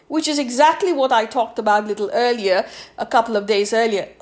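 A woman's voice: a little high, brisk. A woman hosting a solo podcast monologue, lecturing emphatically and repeating phrases for weight. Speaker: podcast host.

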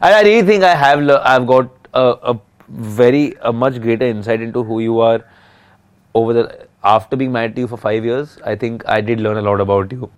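A man's voice: mid-range voice, brisk, clear, resonant tone. A man in his thirties co-hosting a casual podcast with his wife, rambling and joking, tired from lack of sleep. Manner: rambling, joking, self-interrupting. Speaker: podcast co-host. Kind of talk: casual couple's podcast chat.

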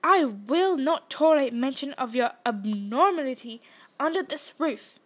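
Furious blustering uncle, snarling, storybook, a woman acting it, bright high voice. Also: lively intonation, measured pace. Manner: roaring, furious. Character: blustering bullying middle-aged uncle.

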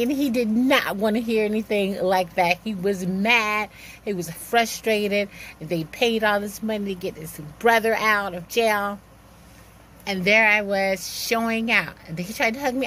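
A woman telling a personal story in a lively, animated way, acting out the dialogue and laughing now and then. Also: mid-range voice, unhurried, a little hiss or hum.

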